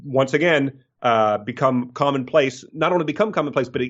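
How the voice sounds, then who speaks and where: A man's voice: mid-range voice, moderate pace, fairly bright tone, muffled recording. A man co-hosting a casual book podcast, rambling and joking and laughing often. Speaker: podcast co-host.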